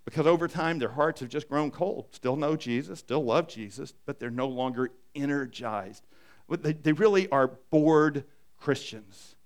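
A man's voice: on the high side, normal speed. An older man, a pastor with grandchildren, preaching a sermon in a conversational way with frequent restarts.

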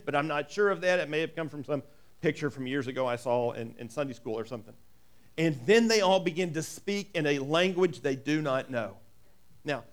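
A man preaching a sermon in a folksy way, reading scripture and adding joking asides. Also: high voice. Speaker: pastor.

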